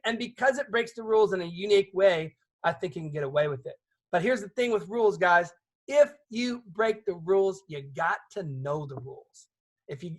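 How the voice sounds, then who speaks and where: High-voiced man teaching songwriting. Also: a bit bright. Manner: conversational, checks in with the audience with questions. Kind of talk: live seminar teaching.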